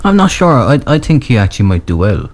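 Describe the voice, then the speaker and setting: A man's voice: mid-range voice, big pitch swings, fast talker, slight background noise. A man chatting casually about football as a co-host, talking hesitantly with many restarts.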